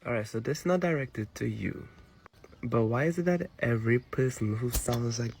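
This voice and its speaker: A man's voice: mid-range voice, lively intonation, normal speed, creaky, background noise. A man complaining casually to camera, puzzled and mildly annoyed. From Trinidad.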